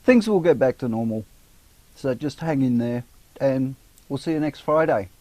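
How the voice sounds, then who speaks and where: A man's voice: mid-range voice, lively intonation, normal speed, dark tone, no room sound. A man, co-hosting a casual weekly chat and joking about himself. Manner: jokey, self-mocking, chatty. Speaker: co-host of a weekly online chat show.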